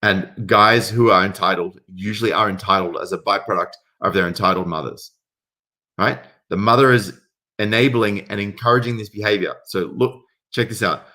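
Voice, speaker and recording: A man reading viewer stories aloud and reacting with casual, profane rants that swing between calm reading and loud outbursts. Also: on the low side, normal speed. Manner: swearing, rants loudly in bursts. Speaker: commentary host reading stories.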